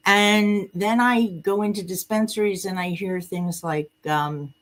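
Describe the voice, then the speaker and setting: A woman's voice: mid-range voice, unhurried, few pauses. A woman, a guest speaking bluntly and candidly in a casual podcast conversation. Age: 60s. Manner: blunt, candid, lively storyteller.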